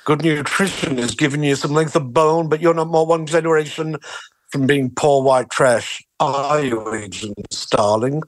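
An Australian man doing a cultured, menacing killer who drawls slow, silky taunts. The voice sits a touch high for a man, and the sound is dry and close with no room around it. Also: no room sound, natural voice. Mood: taunting.

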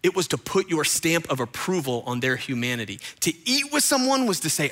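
A man's voice: on the high side, sing-song, brisk, hardly any pauses, a bit bright. A man preaching a sermon in a conversational way, often repeating words and talking straight to his listeners. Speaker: pastor.

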